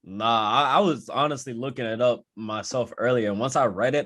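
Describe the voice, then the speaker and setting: A man's voice: medium pitch, a little fast, hardly any pauses, fairly bright tone. A man in a casual podcast chat, chiming in with brief, blunt remarks. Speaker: podcast co-host.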